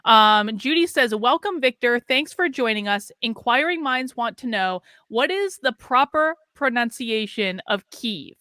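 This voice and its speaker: A woman's voice: a little high, lively intonation, measured pace, few pauses, pushed and bright, no room sound, studio quality. A middle-aged woman hosting a livestream interview, chatty and encouraging as she reads out viewer questions. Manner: chatty, prompting with frequent mm-hmms. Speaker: host.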